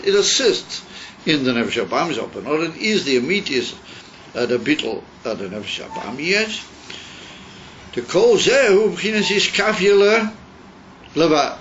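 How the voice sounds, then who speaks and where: A male rabbi teaching a Hasidic text and telling a story, in halting English full of fillers and Hebrew and Yiddish terms. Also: on the high side, sing-song, fairly bright tone. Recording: dull lo-fi recording with faint hiss.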